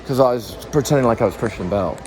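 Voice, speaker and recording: A man's voice: mid-range voice, lively intonation, rapid-fire, background noise. A man vlogging casually as he walks through a shopping mall, rambling and thinking aloud. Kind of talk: casual walking vlog.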